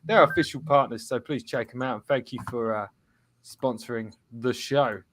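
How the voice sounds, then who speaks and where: A man's voice: mid-range voice, fast talker, fairly bright tone, no echo. Chatty man hosting a stream. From England. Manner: chatty, laughs often, reads out comments. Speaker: host. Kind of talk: casual live-stream chat.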